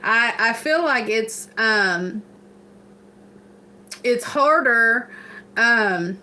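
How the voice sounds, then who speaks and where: Slow-talking Kentucky woman, bright voice. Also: on the high side, lively intonation. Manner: laughs often, rambling with many fillers. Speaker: farm livestream host. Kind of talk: casual live chat answering viewers.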